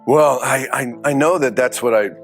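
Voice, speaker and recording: A middle-aged man with a medium-pitched voice answers interview questions. He sounds earnest and upbeat and laughs lightly now and then. Faint music plays behind him. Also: moderate pace, gravelly. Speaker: actor interviewed.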